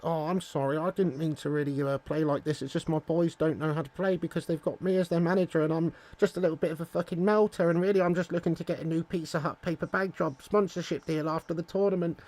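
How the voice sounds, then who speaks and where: A man's voice: a little high, fairly even intonation, quick pace, hardly any pauses, lightly acted. A man doing a meek apologetic football manager. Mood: sheepish. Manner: soft, mumbling, sheepish.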